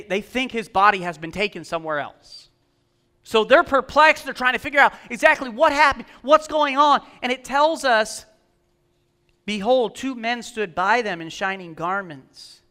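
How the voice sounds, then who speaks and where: A middle-aged man preaching in a church, his voice high and bright. He mixes scripture with lively storytelling and puts questions to the congregation, his tone crisp and clear. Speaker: pastor. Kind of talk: sermon.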